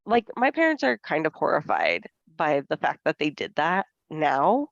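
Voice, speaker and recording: A woman's voice: deep voice, moderate pace, creaky, no echo. Chatty podcast lady, forties, tells stories and does little voices, dry dead-sounding mic. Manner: lively storyteller who acts out quoted voices. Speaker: podcast co-host. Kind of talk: casual chat. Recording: dull, dry lo-fi podcast audio.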